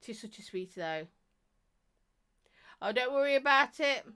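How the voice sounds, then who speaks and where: Chatty woman with lively pitch. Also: normal speed, smooth. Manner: chatty and rambling, greets viewers, laughs often. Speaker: vape reviewer hosting a live stream. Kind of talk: casual live-stream chat.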